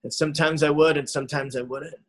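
A man's voice: on the high side, fairly even intonation, fast talker, low-quality recording. A man sharing his own recovery story in a conversational way, often adding "man" and "you know". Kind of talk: recovery talk testimony.

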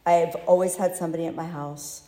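A woman telling her own recovery story in a candid, halting, self-deprecating way, recorded in a large hall. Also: on the low side, fairly even intonation, warm tone. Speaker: speaker sharing recovery story. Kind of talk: personal testimony talk. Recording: echoey hall.

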